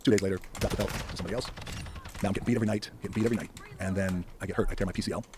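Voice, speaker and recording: A man with a somewhat low voice tearing through a story at a blistering clip as a podcast guest. He talks emphatically, swears often and trips over restarts in his rush. A steady hiss of noise sits under the studio mic. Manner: fast, emphatic, profane storytelling with frequent restarts. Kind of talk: animated storytelling in a podcast interview.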